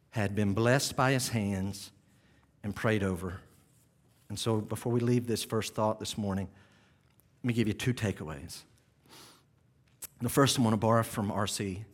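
A man preaching a sermon as pastor, animated, acting out scenes and dropping to quiet asides. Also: mid-range voice. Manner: animated, acts out shouting disciples, drops to near-whisper asides.

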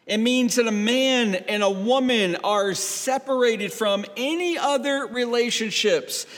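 A man preaching a sermon as a pastor, speaking slowly and deliberately and often repeating words. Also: very high-pitched, a bit bright, long reverb tail.

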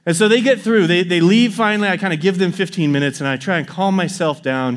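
Man telling a lively hunting story. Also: sits high. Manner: animated, acts out his story with quick inner quotes. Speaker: pastor. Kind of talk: sermon storytelling.

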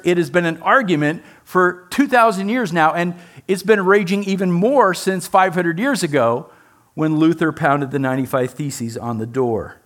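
Slightly high-voiced preaching man. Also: a bit bright. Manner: conversational preaching with rhetorical questions; playful asides to the congregation. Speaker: pastor. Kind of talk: sermon.

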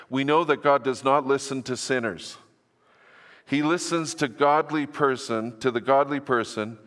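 A man's voice: medium pitch, a bit bright. An older man preaching a sermon to his church, conversational and earnest, with self-deprecating asides. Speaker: pastor. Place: church sanctuary. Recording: echoey hall reverb.

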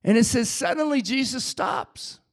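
Male preacher, high voice, energetic conversational sermon. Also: moderate pace. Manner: energetic, conversational, repeats phrases.

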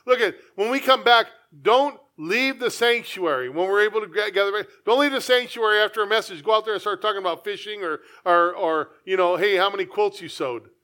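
Man, pastor, sermon, high voice, earnest conversational preaching. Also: a little fast, few pauses, bright, forceful tone, clear, resonant tone.

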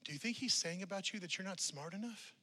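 A man's voice: high-pitched, fast talker, sharp tone. A male pastor preaching a sermon to a congregation in a church, driving his point home with strings of repeated rhetorical questions.

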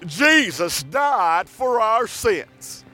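A fervent old gospel preacher, as a pastor puts him on stretches each word out slowly. A man acts it out in a raised, ringing tone. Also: high voice, very animated, bright, forceful tone, heavily acted. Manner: slow, drawn-out proclaiming.

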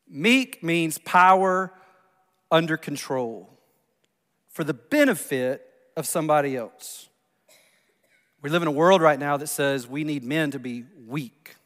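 High-voiced preacher in an echoing hall. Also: male voice. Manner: swings from loud emphasis to hushed near-whispers. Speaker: pastor. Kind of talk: sermon. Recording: long reverb of a large hall.

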